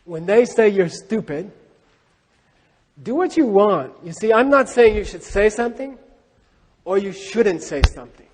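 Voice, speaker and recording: A man giving a Buddhist teaching, animated, with rhetorical questions and repeated phrases. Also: sits high, unhurried, long pauses, breathy edge. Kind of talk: lecture on scripture. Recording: long hall reverb.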